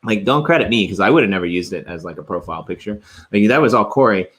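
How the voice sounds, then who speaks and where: A man's voice: fairly low pitch, lively intonation, quick pace, a bit bright. A young adult man co-hosting a casual show, telling stories in an upbeat, chatty way. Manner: eager storyteller, upbeat and chatty. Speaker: co-host. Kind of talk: casual podcast chat.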